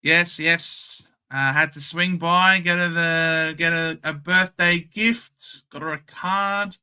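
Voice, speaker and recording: A man's voice: on the high side, fairly even intonation, takes it slowly, sharp tone, clean tone. A young Australian man hosting a casual live sports watchalong, bantering cheekily with chat and reading out scores. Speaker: livestream host.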